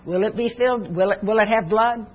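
A woman's voice: medium pitch, brisk, lo-fi sound. An older woman preaching a sermon in an earnest, personal way, mixing scripture with stories from her own family.

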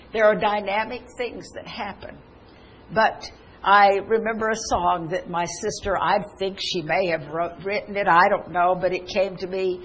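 A woman's voice: mid-range voice, slight background noise, rough recording. A woman preaching a televised sermon, earnest, stopping and restarting as she quotes scripture. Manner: earnest, with many restarts, quoting scripture aloud.

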